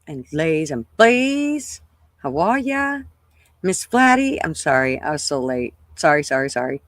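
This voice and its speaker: A woman's voice: deep voice, big pitch swings, measured pace, no echo, studio quality. An older woman hosting a casual livestream, chatting loosely, swearing freely and greeting viewers by name at her computer. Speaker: livestream host.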